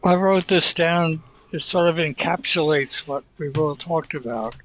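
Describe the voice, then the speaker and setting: A man in the congregation reading out a short reflection he wrote, hesitant and unhurried. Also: on the high side, fairly bright tone, a little hiss or hum, low-quality recording. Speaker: congregant sharing a thought.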